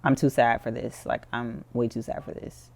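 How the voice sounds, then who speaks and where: A woman's voice: extremely low pitch, little pitch movement, moderate pace, vocal fry, darkish tone, full character voice. An anxious, heartbroken middle-aged father from a life-sim game, as a woman voices him. He talks hesitantly, repeating himself as he worries. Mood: sad, anxious.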